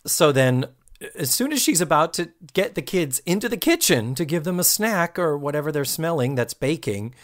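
A man's voice: a little high, moderate pace. A man co-hosting a podcast, retelling a TV episode in casual chat, acting out the quotes and swearing freely. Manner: animated storyteller, acts out quotes, swears freely. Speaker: podcast co-host.

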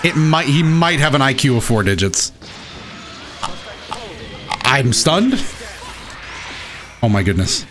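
A young man giving excitable, self-mocking live commentary while playing a fighting game. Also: mid-range voice, slow, long pauses. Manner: excitable, self-mocking, shouts at big plays. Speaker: gaming YouTuber. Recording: game music playing behind. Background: game music.

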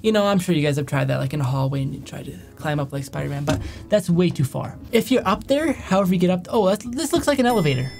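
Young man, casual reaction commentary, quick rambling delivery, self-correcting, faint music behind. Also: high voice, lively intonation, gravelly, a little mellow. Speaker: YouTube commentator.

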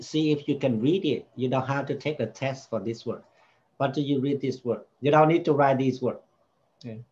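A man's voice: medium pitch, a little mellow, dull audio. A man tutoring a child in spelling, patiently repeating each word and sounding out its vowels. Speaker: home tutor.

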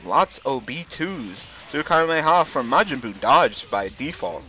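An excitable man commentating a fighting game match, with a bright, forward voice. His pitch jumps around freely as he reacts to the action. He rambles and chuckles between calls. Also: moderate pace. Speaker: gameplay commentator.

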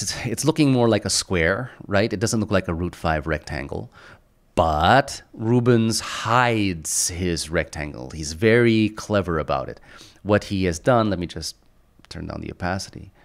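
A man's voice: sits low, lively intonation, measured pace. A man teaching an art lesson over a screen recording, enthusiastic and repetitive, punctuating points with sound effects. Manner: enthusiastic, repeats phrases, punchy sound effects. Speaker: art instructor.

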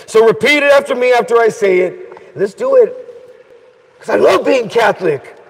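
A man giving an energetic Catholic faith talk, leading prayers and call-and-response chants and urging the crowd to cheer along. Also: very high voice, moderate pace, breathy edge. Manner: rallying, exhorts the crowd to cheer and repeat. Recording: long reverb from a large hall.

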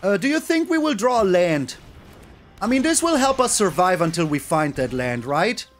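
A man's voice: high voice, moderate pace, faint music behind. A man hosting his gaming channel, giving live gameplay commentary and exclaiming and groaning at each play. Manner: animated, exclaims and groans at plays.

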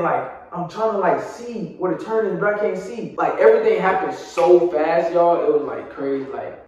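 A young man with a fairly high voice spins a loose, slangy story for his viewers, dropping fillers as he goes. He sits back from the mic in a very echoey room. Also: darkish tone, far from the mic. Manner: casual, slang-heavy storytelling with frequent fillers. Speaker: vlogger. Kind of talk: storytime vlog.

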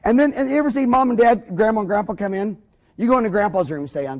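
A man's voice: sits high, fast talker. A man giving a business lecture for dentists, rambling through jokes and anecdotes. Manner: animated, joking, rambling storyteller. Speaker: dental practice lecturer.

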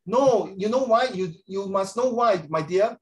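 In poor audio, a middle-aged man with a high voice and a Singaporean English accent leads a social studies class without hurrying. He is animated and sarcastic, cracking jokes and dropping in Mandarin phrases.

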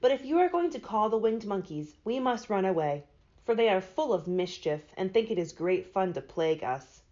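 A woman reading aloud voices the Queen of the Mice, a kindly, squeaky little mouse, in a storybook reading. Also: big pitch swings, normal speed, a little mellow, lightly acted. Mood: helpful. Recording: dull lo-fi recording.

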